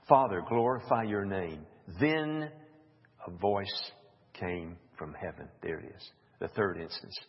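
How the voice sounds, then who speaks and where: Husky slow-spoken man teaching scripture. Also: deep voice, big pitch swings. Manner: slow, musing, reads scripture aloud with asides. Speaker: Bible teacher. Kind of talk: informal Bible study teaching. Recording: dull lo-fi recording with long hall reverb.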